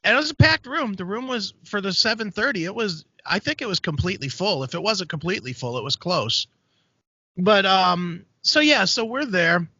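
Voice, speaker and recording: A man hosting a podcast, telling a story in a casual, profane, animated way. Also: sits high, normal speed, no echo. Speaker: podcast host. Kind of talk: casual chat. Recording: dry, dull lo-fi sound.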